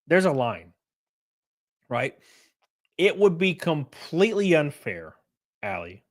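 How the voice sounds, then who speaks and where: A young man hosts a livestream and riffs on chat messages in a brash, profane, animated way. His voice sits a little higher than most men's. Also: takes it slowly. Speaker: livestream host reading chat.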